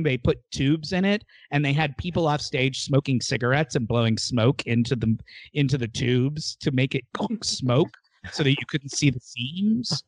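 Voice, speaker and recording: A man's voice: on the high side, dry recording. A man hosting a casual movie podcast, telling behind-the-scenes stories with amusement and frequent laughs. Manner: storytelling, amused, laughs often. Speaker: podcast host. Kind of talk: casual movie-review chat.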